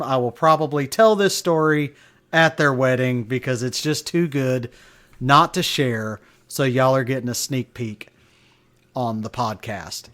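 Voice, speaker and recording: Man, podcast host, casual monologue, rambling, chuckling, fillers, slightly high voice. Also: fairly bright tone.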